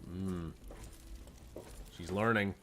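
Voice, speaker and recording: This gaming streamer is a young Scottish man with a deep, steady voice that's a bit bright, and he draws out his words. Chatting casually over his game, he mutters and swears quietly with sarcasm, and slight background noise sits behind him.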